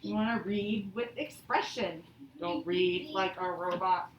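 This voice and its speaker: A woman's voice: fairly low pitch, unhurried, highs cut off. A woman teaching a grammar lesson to young pupils, thanking each child and reading example sentences with exaggerated expression. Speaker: elementary school teacher. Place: classroom. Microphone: distant mic in the room. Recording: echoey classroom, distant mic, faint hiss.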